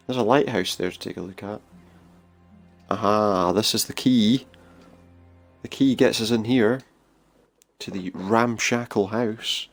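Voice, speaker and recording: Guy narrating his rpg playthrough, gravelly low voice, chatty, keeps correcting himself. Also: slow pace, long pauses, soft background music. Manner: chatty, thinking aloud, self-correcting. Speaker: gaming streamer. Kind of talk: casual let's-play commentary.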